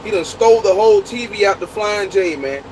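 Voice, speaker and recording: A truck driver telling a story in casual, profane, laughing talk. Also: male voice, sits high, lively intonation, a little fast, background noise. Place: inside a truck.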